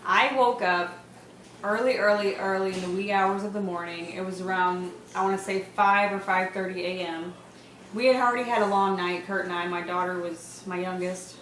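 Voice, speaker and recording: A woman in her thirties talks through a casual home vlog at an ordinary pitch. She rambles, laughs often and leans on fillers. The room sounds echoey, with a faint hum behind her. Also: steady tone, moderate pace, fairly bright tone. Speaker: vlogger. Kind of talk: casual pregnancy update vlog.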